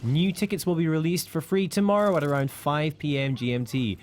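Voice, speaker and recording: A man's voice: on the high side, fairly even intonation, fairly quick, a little mellow. A man from the United Kingdom co-hosting a live game stream, chatting casually and reading out viewer comments.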